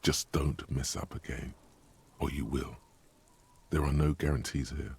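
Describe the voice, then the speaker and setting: A man's voice: very deep voice, fairly even intonation, measured pace, creaky, a little mellow, slightly rough, dry recording, clean studio sound, full character voice. An actor voicing a grave, ominous male inner voice that guides a detective through a video game. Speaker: game narrator.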